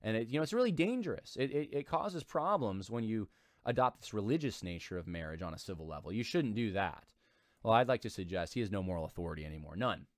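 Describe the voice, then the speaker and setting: A man hosting his own commentary channel reads aloud from an article, breaking in with animated, emphatic remarks and repeating himself. He has a lowish voice and talks fast, with studio-quality sound and no room sound.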